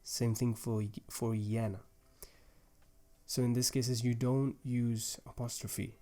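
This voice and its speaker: A man's voice: mid-range voice, flat delivery, takes it slowly, warm tone. A young man patiently explaining grammar rules step by step in a language lesson, with small restarts as he goes. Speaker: language teacher.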